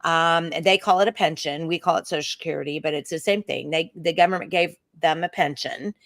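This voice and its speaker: A woman's voice: deep voice, brisk, dry recording, clean studio sound. Chatty Oklahoma woman telling a story. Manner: animated storyteller, puts on voices for quoted people. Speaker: co-host. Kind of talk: casual chat, telling a travel story.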